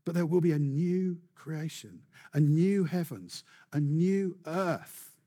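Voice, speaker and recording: A man preaching a sermon with animated, building emphasis and rhetorical questions. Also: on the high side, takes it slowly.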